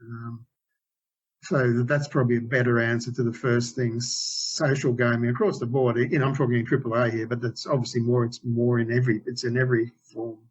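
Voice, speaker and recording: Man, 60s, interview guest, rambling storyteller with many restarts, middling pitch, dull video-call audio. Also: level tone, a little fast, husky. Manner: rambling, frequent restarts and self-corrections. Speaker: game developer guest.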